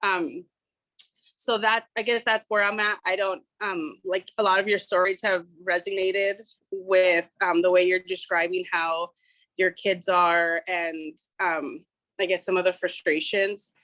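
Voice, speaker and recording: A woman parent in a support group speaking hesitantly on a video call, halting between thoughts. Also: lowish voice, steady tone, a bit bright, no room sound, poor audio.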